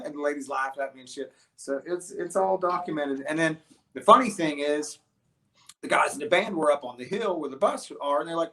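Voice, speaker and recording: A man from the United States, a touring rock musician, telling stories as an interview guest, animated and full of restarts and fillers. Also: fairly high pitch, brisk. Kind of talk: casual interview storytelling.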